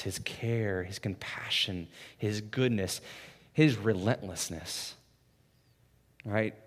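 A man preaching a sermon in a conversational way, often adding "right?" and swinging from hushed, soft passages to loud, intense ones. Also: fairly low pitch. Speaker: pastor. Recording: long reverb of a large hall.

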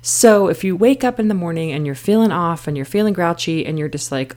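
Woman, middle-aged, lowish pitch, podcast host, casual self-help talk, conversational with fillers. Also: animated, moderate pace. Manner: conversational, frequent "you know" fillers and restarts.

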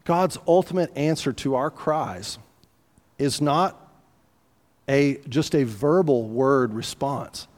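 A man's voice: medium pitch, takes it slowly, a little mellow, long reverb tail. A man preaching a sermon in a conversational, folksy way, with asides and restarts. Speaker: pastor.

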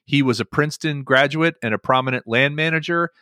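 Brief: male podcast host, bright and lively, fillers and restarts, dry close mic. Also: medium pitch, a little fast, no echo. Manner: animated storytelling with many fillers. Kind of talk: casual chat podcast.

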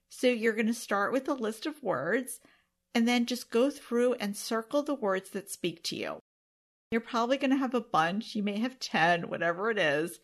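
A woman hosting her own podcast alone, talking earnestly and emotionally to her listeners. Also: mid-range voice. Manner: emotional, earnest, tearful at times. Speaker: podcast host. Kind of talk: solo podcast monologue.

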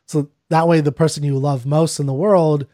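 A man with a fairly high voice co-hosts a casual podcast, talking in loose, joking runs full of "like" and "um." The sound is dry and close, with no room around it. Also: normal speed, no room sound. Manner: animated, joking, lots of fillers. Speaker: podcast co-host. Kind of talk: casual chat.

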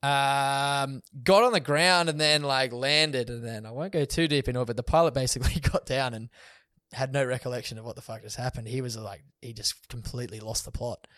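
A young man telling a story in a relaxed podcast chat, swearing often and laughing as he goes. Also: medium pitch, brisk, no echo, studio quality. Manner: laid-back, swears often, laughs through stories. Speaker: guest.

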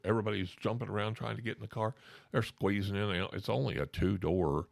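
Gravelly older storyteller with drawl. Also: male voice, fairly low pitch, quick pace, no echo, clean studio sound. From Oklahoma. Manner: animated, repeats words, acts out shouts. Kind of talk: folksy ghost-story telling.

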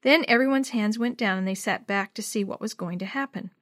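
A woman's voice: mid-range voice, brisk, fairly bright tone, no echo. Give me a woman narrating a children's story aloud, with a dry close sound. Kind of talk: reading a children's chapter book aloud.

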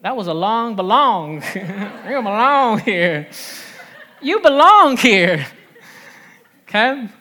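A woman in her thirties with a New Jersey accent, preaching a lively sermon with call-and-response and repeated phrases. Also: on the high side, takes it slowly, long pauses. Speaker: pastor.

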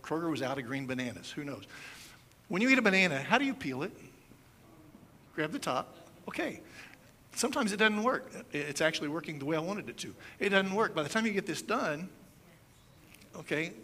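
A man in his fifties delivers a relaxed, conversational sermon, his fairly high voice bright and forceful. He tells everyday stories with playful asides and acts out little demonstrations for the congregation. A faint hum of the room sits behind him. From United States. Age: 50s. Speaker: pastor.

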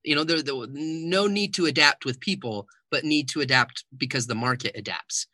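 A man's voice: medium pitch, normal speed, no echo. A man, a guest author and speaker, telling stories in an interview and acting out the dialogue. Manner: animated storyteller who acts out quoted dialogue. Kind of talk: conversational interview storytelling.

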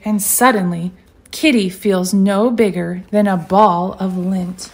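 A woman dance teacher reading a storybook aloud to children, animated and talking to them directly. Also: mid-range voice, slow. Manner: animated, addresses kids directly.

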